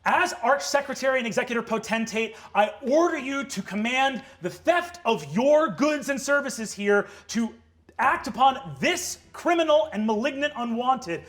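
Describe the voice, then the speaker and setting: A man's voice: extremely high pitch, animated, moderate pace, a bit bright, pitched above the performer's own voice. A man voicing an officious female devil bureaucrat who reads out pompous legal decrees.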